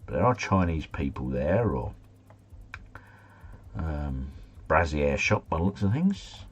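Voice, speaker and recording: A man's voice: extremely low pitch, big pitch swings, takes it slowly, a little hiss or hum. A man streaming live, chatting casually and muttering asides as he plays a geography guessing game. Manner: chatty, mutters asides, mild swearing, easily flustered.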